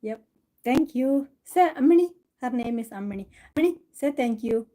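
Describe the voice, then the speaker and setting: Woman host, high mellow voice, affectionate live-stream chat. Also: animated, moderate pace. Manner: doting, affectionate, laughing often. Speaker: cooking channel host. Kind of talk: casual live stream chat to her cat.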